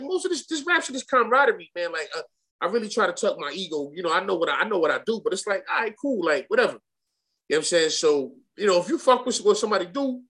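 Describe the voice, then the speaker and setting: A man's voice: high-pitched, a bit bright. A young man, telling a rambling, profane story as a guest in a casual interview, full of restarts and slang. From Brooklyn, New York. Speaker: guest rapper.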